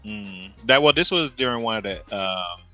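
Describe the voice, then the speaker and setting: A man co-hosting a podcast in casual chat, animated and laughing often as he talks. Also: fairly low pitch, normal speed, faint music behind. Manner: animated, laughs often, restarts mid-thought. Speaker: podcast co-host.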